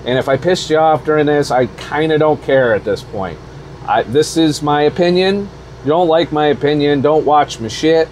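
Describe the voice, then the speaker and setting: A man's voice: on the high side, normal speed, darkish tone, a little hiss or hum. A truck-driving man vlogging a heated rant, profane, fired-up and defiant. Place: out on the road.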